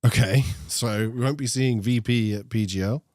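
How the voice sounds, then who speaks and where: A man's voice: mid-range voice, moderate pace, darkish tone, no room sound, clean studio sound. A young man with a posh British accent co-hosting a casual esports chat, joking and wandering off on tangents. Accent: posh British English. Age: young adult. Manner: joking, rambling, prone to tangents. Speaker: co-host.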